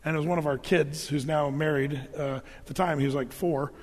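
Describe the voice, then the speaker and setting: A man's voice: on the high side, steady tone, a little fast. A middle-aged man, a pastor, teaching a Bible passage verse by verse in a conversational, emphatic way, often restarting his words. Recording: long hall reverb.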